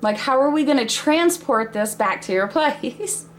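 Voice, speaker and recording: A woman's voice: high-pitched, animated, unhurried, a little hiss or hum. Chatty woman in her thirties telling a story. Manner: chatty, laughs between lines. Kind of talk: casual spoken storytelling.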